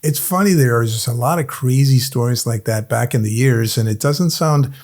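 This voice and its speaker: A man's voice: mid-range voice, normal speed, darkish tone. A man hosting an interview podcast, chatting casually and a bit hesitantly, with many "uh" fillers. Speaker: host.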